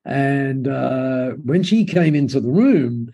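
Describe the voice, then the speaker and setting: An Australian man, a business mentor and guest, telling a story in an enthusiastic, expressive way. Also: medium pitch, slow pace, vocal fry. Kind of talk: conversational storytelling.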